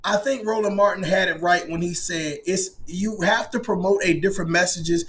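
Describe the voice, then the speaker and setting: A man in his forties hosting a podcast, ranting in an emphatic, profane, animated way. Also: high-pitched, normal speed. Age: 40s. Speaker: podcast host. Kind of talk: casual monologue.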